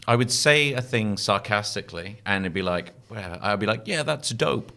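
A man's voice: on the low side, fairly quick, pushed and bright. A man hosting a casual podcast, joking and easygoing as he steers the chat. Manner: joking, easygoing, wraps up the show. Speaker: podcast host.

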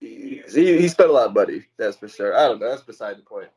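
A man's voice: fairly low pitch, lively intonation, quick pace, darkish tone, husky, poor audio. Blunt young man in casual podcast chat. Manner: blunt, swearing, asks questions. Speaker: podcast co-host.

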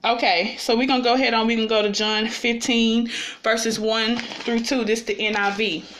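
A woman's voice: fairly high pitch, little pitch movement, normal speed, a bit bright. A woman giving an informal, personal sermon, often checking in with her listeners as she speaks. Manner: personal and confessional. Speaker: preacher.

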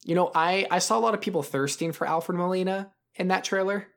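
A man's voice: sits high, a little fast, fairly bright tone. Rambling male podcast co-host. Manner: rambling, full of restarts and "like". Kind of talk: casual podcast chat.

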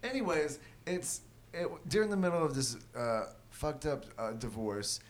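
A man's voice: a little high, very animated, moderate pace, a little hiss or hum. Rambling crude man on a podcast. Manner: rambling, crude, laughs at own jokes. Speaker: podcast co-host. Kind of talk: crude casual banter.

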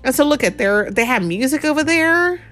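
A woman reading a picture book aloud to a child at home, slowing down for the story lines and chatting about the pictures in between. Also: sits high, soft background music. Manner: animated, slows down for the read-out lines and chats about the pictures.

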